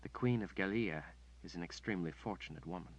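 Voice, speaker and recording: A man voicing a soft demure duchess. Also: sits low, fast talker, muffled recording. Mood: demure, flattering. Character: soft-spoken noblewoman, demure and flattering.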